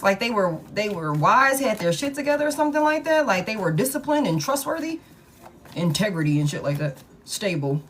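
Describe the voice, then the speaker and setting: A woman's voice: a little high, big pitch swings, fairly quick, slight background noise. A woman giving a live tarot reading, blunt and profane, who thinks aloud as she pulls cards and talks straight to her viewers. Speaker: tarot reader.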